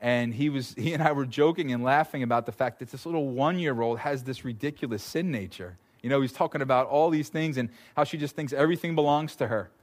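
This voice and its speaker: A man in his thirties preaching a sermon as a pastor, telling stories with lively, sudden loud bursts. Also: mid-range voice, fast, hardly any pauses.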